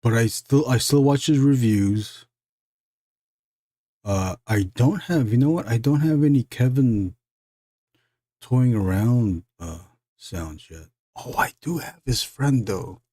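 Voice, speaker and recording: A man's voice: medium pitch, slow pace, pauses often, warm tone, dry recording, clean studio sound. A man hosting a live stream, chatting casually and rambling, with frequent fillers and laughs. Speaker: live stream host and illustrator.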